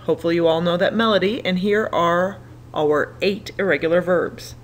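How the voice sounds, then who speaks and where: A young woman teaching a recorded classroom lesson in a cheerful, talkative manner. Her voice sits slightly low for a woman. She walks through grammar rules with quick asides and short practice drills. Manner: upbeat, chatty, sings a verb song. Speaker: Spanish teacher.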